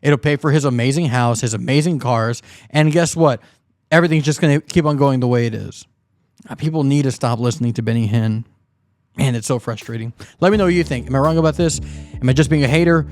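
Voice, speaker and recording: A man's voice: mid-range voice, fast talker, a little mellow, no echo, clean studio sound. A man hosting his own commentary channel, reacting indignantly and sarcastically to a preacher's clip. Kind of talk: critical video commentary.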